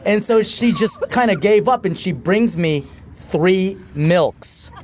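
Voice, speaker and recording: A man's voice: sits high, animated, slow pace, a little mellow. A man, a priest co-hosting a live outdoor question-and-answer session, tells funny stories with lots of laughter and mimicked voices. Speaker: priest, co-host. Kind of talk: storytelling at a live Q&A. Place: outdoors on a river cruise ship deck.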